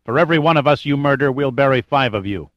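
A man's voice: mid-range voice, fast talker, no echo, muffled recording, voice pushed up, close to an everyday voice. A man voicing a cool, sardonic tough-guy hero who answers threats with cold wisecracks. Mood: hard defiant.

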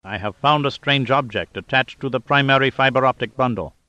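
Give me a man playing an obedient robot inspector, flat and formal, bright voice. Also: medium pitch, a little fast, no room sound, dull audio, lightly acted. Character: robotic male electrical inspector, literal and obedient.

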